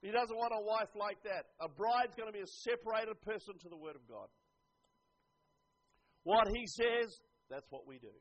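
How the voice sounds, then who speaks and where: An older man preaching a sermon, earnest, dropping to a hush and then rising to emphatic lines. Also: high-pitched, expressive, moderate pace. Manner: earnest, swings from hushed to emphatic. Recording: dull lo-fi recording.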